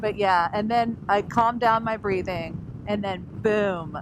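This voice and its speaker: With wind and engine noise around her, a woman vlogs from her moving scooter on the open road, telling a lively story, laughing frequently and acting out what others said. Her mid-range voice runs a little slow.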